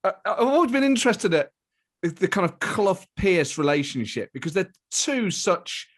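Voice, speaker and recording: A man hosting a podcast who asks long, halting questions with many restarts. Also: high voice, very animated. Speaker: podcast host. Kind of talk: casual podcast chat.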